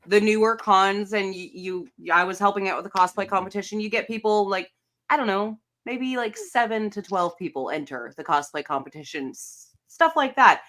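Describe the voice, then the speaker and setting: Chatty woman co-hosting, bright voice, gets excited telling stories. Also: medium pitch, normal speed. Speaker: co-host. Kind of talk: casual chat.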